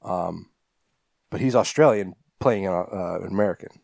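A man's voice: sits low, normal speed, vocal fry, a little mellow, dry recording. A man co-hosting a podcast, casually recapping a horror film with lots of ums and restarts. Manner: rambling, many fillers and restarts. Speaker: podcast co-host.

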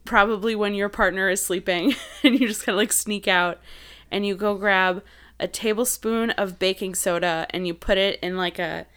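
Bright, giggly Wisconsin woman podcaster. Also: medium pitch, fairly even intonation, moderate pace, clear, resonant tone. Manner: rambling, giggly, lots of fillers. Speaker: podcast co-host. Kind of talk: casual chat. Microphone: headphones and studio mic.

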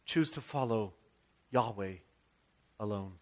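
An American man, a pastor, preaching a sermon in a conversational, animated storytelling way with frequent asides. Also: lowish voice, slow pace.

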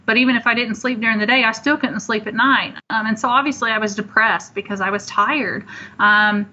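A woman in her thirties as an interview guest, telling her story in a heartfelt, halting way with many pauses. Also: on the high side, pushed and bright. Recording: dull lo-fi line.

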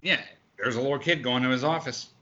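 A man's voice: mid-range voice, fairly quick, background noise. A man co-hosting a podcast in casual chat, ranting heatedly and swearing often. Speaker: podcast co-host. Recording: dull lo-fi sound.

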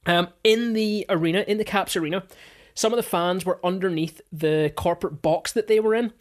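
A woman's voice: lowish voice, brisk. A woman hosting a casual sports podcast, telling stories chattily and laughing often. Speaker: podcast host.

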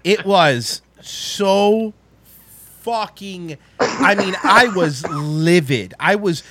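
A man telling a story in casual chat, animated and profane, with lots of restarts. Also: high-pitched, drawn-out words, no echo.

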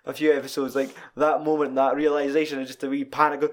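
A young man with a Scottish accent talks casually and animatedly, swearing often and breaking into quick acted-out bits. His voice sits at an ordinary middle pitch. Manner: animated, swears freely, acts out scenes with quick voices and laughter. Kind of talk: casual chat.

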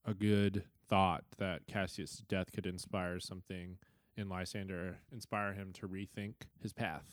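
A man's voice: deep voice, flat delivery, measured pace, no room sound, clean studio sound. Laid-back man reading emails on a podcast. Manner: laid-back, reads listener emails aloud. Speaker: podcast co-host. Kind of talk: casual chat.

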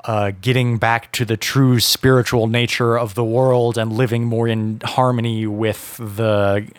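A man co-hosting a casual podcast conversation, talking in a measured, deliberate and opinionated way. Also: mid-range voice, flat delivery, no room sound. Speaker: podcast co-host.

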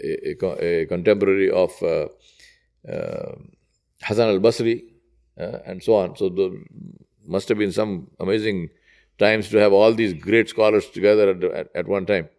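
A man preaching in a conversational storytelling way, retelling an old tale with lively quoted dialogue. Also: normal speed, creaky. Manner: conversational, rising high when quoting characters. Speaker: Islamic preacher. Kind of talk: storytelling sermon.

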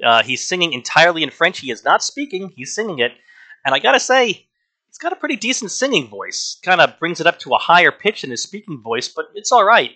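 A man's voice: fairly high pitch, big pitch swings, brisk, pushed and bright. A man talking casually through an album review, frank and wry. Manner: conversational, frank, wry asides.

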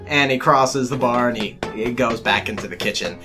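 A man running a tabletop role-playing game, narrating scenes in a relaxed, unhurried way with fillers. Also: mid-range voice, faint music behind. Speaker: game master.

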